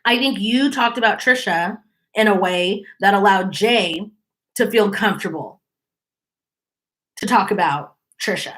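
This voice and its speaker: Bright animated woman host. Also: medium pitch, unhurried, pauses often. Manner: chatty, animated, mimics people in quotes. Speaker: commentary channel host. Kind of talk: casual commentary.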